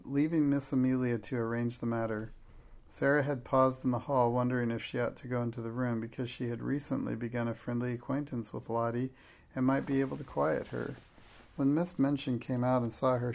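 Gravelly man reading a storybook. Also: medium pitch, a little mellow. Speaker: audiobook narrator. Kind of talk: storybook narration.

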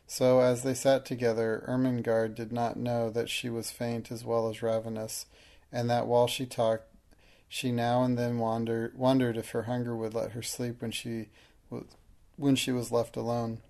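A man narrating an audiobook in a steady, measured reading. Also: mid-range voice.

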